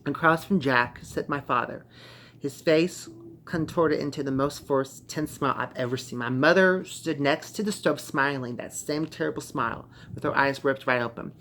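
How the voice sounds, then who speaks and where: A young man reading a creepy internet horror story aloud, casual, with sweary excited asides and stumbling restarts. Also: mid-range voice, normal speed, a little hiss or hum. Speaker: story narrator.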